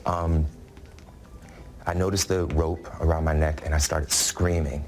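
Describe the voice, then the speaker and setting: A man's voice: very deep voice, level tone, unhurried, a little mellow. A man giving a television interview, recounting events in an earnest, emotional way. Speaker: interview guest.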